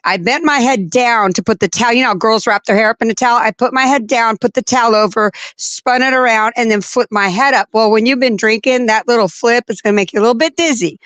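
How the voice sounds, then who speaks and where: A woman telling a personal story in casual chat, animated and laughing as she acts out her own panic. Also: fairly high pitch, quick pace, hardly any pauses, dry recording.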